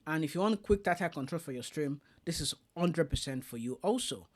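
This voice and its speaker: A man's voice: a little high, lively intonation, fairly quick. A man giving a casual, chatty review of a streaming mixer, showing the features as he goes. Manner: chatty, demonstrating gear live. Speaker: tech reviewer.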